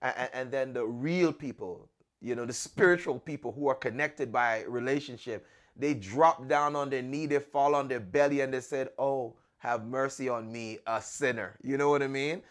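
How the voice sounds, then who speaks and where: A man's voice: mid-range voice, moderate pace. A man hosting a podcast, telling a personal story in an earnest, conversational way and often repeating words as he restarts. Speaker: podcast host.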